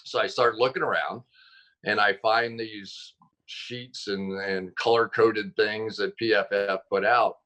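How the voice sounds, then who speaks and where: A man, a football analyst guest on a sports talk show, telling stories casually and acting out quotes with sudden jumps in pitch. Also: steady tone, measured pace, bright, forceful tone, low-quality recording.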